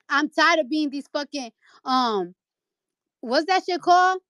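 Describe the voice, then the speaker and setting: A woman's voice: sits high, lively intonation, slow pace, pushed and bright, no room sound. A woman delivering a heated, profane rant on a live audio chat, repeating lines for emphasis into a phone mic. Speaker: rapper hosting a live audio chat room. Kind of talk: angry live-stream rant.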